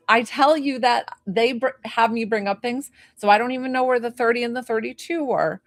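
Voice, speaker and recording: A woman's voice: fairly high pitch, a little fast, hardly any pauses, dry recording. Bubbly gushing woman medium on a live stream. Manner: gushing, bubbly, lots of "like" and excited squeals. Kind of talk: live-stream reading and chat.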